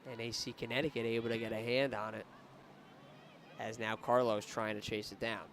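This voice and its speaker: A man's voice: mid-range voice, a little fast, a little hiss or hum. Man calling a soccer match live. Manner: rising excitement on attacking plays. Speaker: play-by-play commentator.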